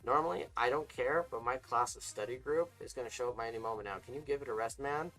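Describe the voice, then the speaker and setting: A man's voice: medium pitch, quick pace, fairly bright tone, poor audio. A man voicing an exasperated young store clerk in a read-aloud story. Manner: exasperated, snappy.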